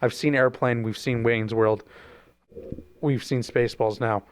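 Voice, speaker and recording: A man's voice: medium pitch, steady tone, unhurried. Rambling, joking young man on a podcast. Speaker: podcast co-host. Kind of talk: casual chat.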